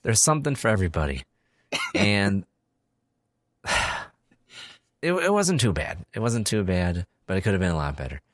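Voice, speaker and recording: A man co-hosting a podcast in casual chat, an animated storyteller who acts out his friends' lines. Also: sits low, normal speed, long pauses, no room sound, clean studio sound. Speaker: podcast co-host.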